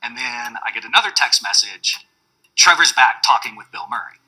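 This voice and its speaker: A man giving a documentary interview, telling a story in a relaxed way. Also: medium pitch, normal speed, slightly rough, low-quality recording. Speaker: bar staff interviewee.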